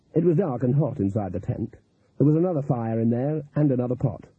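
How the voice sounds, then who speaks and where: Man, audiobook narrator, husky voice, lively and animated delivery, tinny phone-like audio. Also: mid-range voice, fairly quick, no echo. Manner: expressive, lively storytelling.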